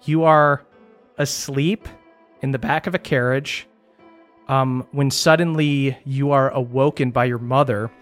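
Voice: medium pitch, steady tone, unhurried, soft background music. A game master narrating a tabletop game casually, with fillers and the odd swear.

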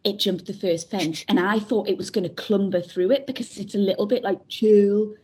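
A woman co-hosts a casual podcast over a remote call, chatting and giggling as she tells stories and acts out voices in quotes. Her medium-pitched voice is darkish with a breathy edge, and she speaks at a normal speed.

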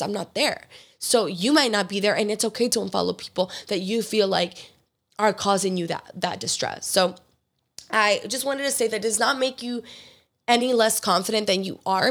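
A woman with a raspy, hoarse voice worn down by illness hosts her own podcast. She speaks earnestly and openly in a loose, chatty way, leaning on casual fillers as she talks straight to her listeners. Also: mid-range voice. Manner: earnest and open, lots of "like" fillers. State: hoarse from being sick. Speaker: podcast host. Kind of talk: casual solo podcast talk.

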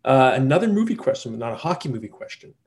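A man's voice: mid-range voice, big pitch swings, a little mellow. Man, podcast host, mid-range voice, casual chat, quizzing co-hosts. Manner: quizzing his co-hosts with quick questions.

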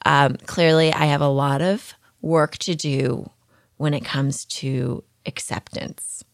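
A woman's voice: low voice, unhurried, creaky, no room sound, studio quality. A woman hosting her own podcast, talking through a personal story in a chatty, candid, self-deprecating way. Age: adult mother. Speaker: podcast host. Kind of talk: casual podcast monologue.

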